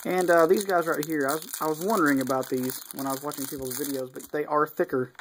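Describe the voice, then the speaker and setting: A man giving casual unboxing commentary, reading off cards one by one with easygoing, mildly excited asides and fillers. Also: a little high, fast talker, a little hiss or hum. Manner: easygoing, reads off cards one after another. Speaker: video creator opening card packs.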